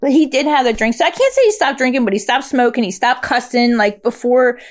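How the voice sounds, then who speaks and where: A woman with a fairly high voice tells her own recovery story in a halting, candid way. She restarts often and leans on fillers. The delivery is unscripted and personal. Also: animated. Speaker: guest sharing recovery story.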